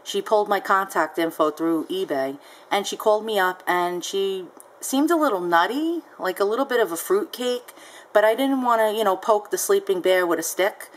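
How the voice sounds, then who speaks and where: A woman's voice: mid-range voice, moderate pace, low-quality recording. A woman seller casually recounting a story on her vlog, chatty and peppered with ums and asides. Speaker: online seller.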